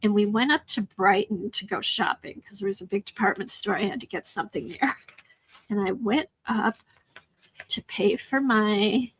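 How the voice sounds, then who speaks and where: Chatty Midwestern woman, breathy voice. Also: mid-range voice, moderate pace, low-quality recording. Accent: American Midwest. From Chicago, USA. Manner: chatty, reads out and answers chat comments. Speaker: livestream art host. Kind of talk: casual chat while crafting.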